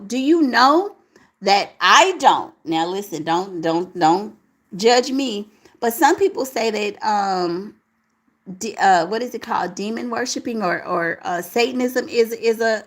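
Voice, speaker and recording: Tired chatty woman livestreaming late. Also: medium pitch. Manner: sleepy, chatty, slangy. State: tired, voice crackling. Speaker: livestream host. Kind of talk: late-night livestream chat, reading viewer comments. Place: home alone.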